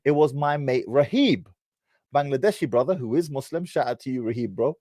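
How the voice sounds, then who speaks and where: A man's voice: medium pitch, animated, brisk, warm tone, dry recording. A man in his thirties with an English accent, telling a personal story in a casual, teasing, slang-heavy way. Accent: British, English. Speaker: vlogger.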